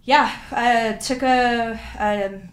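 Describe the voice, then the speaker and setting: Lively storytelling woman, laughing often. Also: a little high, very slow. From Vancouver area, Washington, US. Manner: lively anecdotes, acts out quotes, laughs often. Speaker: former pro soccer player, podcast guest. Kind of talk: casual storytelling chat.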